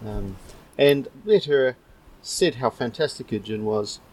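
A man co-hosting a relaxed chat podcast, with a mid-range voice. He jokes around and drifts into loose, rambling stories. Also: mid-range voice, a little slow, poor audio. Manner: jokey, rambling storytelling. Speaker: podcast co-host. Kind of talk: casual chat.

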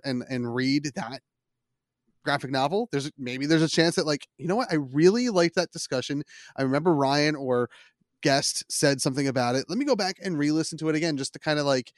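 A Philadelphia-area man with a slightly high voice hosts a podcast in a dry, studio-quality recording. His casual chat is rambling and self-deprecating, with lots of restarts.

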